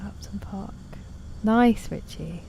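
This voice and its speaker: Mellow-voiced woman streaming. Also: medium pitch, slow, gravelly, slight background noise. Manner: chatty, self-deprecating, reads out chat messages. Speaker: game streamer. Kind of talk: casual gaming stream chat.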